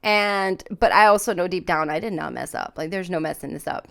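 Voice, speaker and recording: A woman hosting a podcast, telling a personal story in a casual, animated way, full of fillers and restarts. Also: fairly quick, vocal fry. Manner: acts out her own panicked voice in high pitch. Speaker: podcast host.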